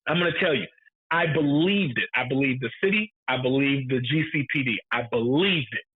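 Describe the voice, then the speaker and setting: A man's voice: mid-range voice, fairly quick, slightly rough. A man co-hosting a casual movie review podcast, emphatic and swearing freely, repeating his points for effect. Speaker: podcast co-host. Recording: narrow phone-like sound.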